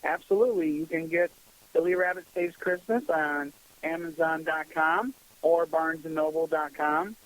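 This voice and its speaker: A man's voice: fairly high pitch, fairly even intonation, moderate pace, rough recording. A man guesting on a radio talk show, chatting in a friendly, easygoing way and repeating phrases as he talks. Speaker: guest author. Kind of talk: casual radio interview. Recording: radio broadcast sound.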